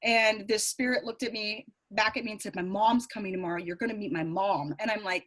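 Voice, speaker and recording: A woman's voice: mid-range voice, a little fast. A middle-aged woman, a psychic medium guest, chatting and telling stories in a casual interview. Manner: chatty, animated storytelling with laughs.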